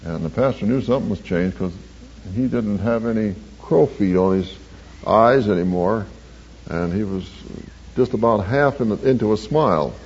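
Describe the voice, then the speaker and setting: A man, a church counselor, telling the story of a counseling session in a measured, earnest way. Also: lowish voice, darkish tone, husky. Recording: dull lo-fi recording with faint hiss.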